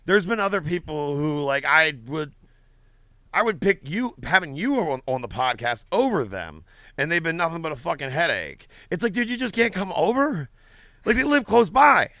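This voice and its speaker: A man's voice: a little high, big pitch swings, normal speed, sharp tone, no echo, clean studio sound. A young man hosting a podcast from his home basement, chatting casually, joking, swearing a lot and laughing often. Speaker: podcast host. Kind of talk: casual chat.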